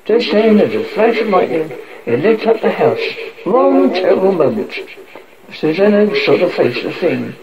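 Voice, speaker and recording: A man's voice: sits high, sing-song, normal speed. A man narrating a horror story in a dramatic, theatrical way. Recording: dull lo-fi with crowd noise.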